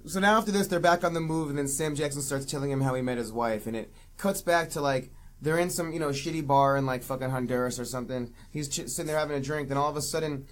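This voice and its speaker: A man's voice: fairly high pitch, fast talker. A man co-hosting a casual movie review podcast, rambling and swearing as he recaps scenes, laughing often. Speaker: podcast co-host.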